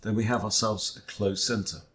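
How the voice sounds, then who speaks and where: A chess coach thinks aloud through an online game, wry and self-deprecating, often muttering to himself. His voice is on the low side and steady, with a moderate pace and a fairly bright tone.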